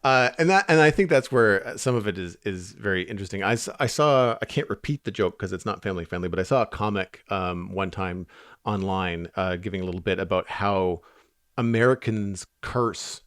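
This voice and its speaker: Male co-host, low-pitched, relaxed chat and mail reading. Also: fairly quick, clean tone, no room sound, clean studio sound. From Canada. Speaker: podcast co-host. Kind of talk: casual podcast chat, reading listener email.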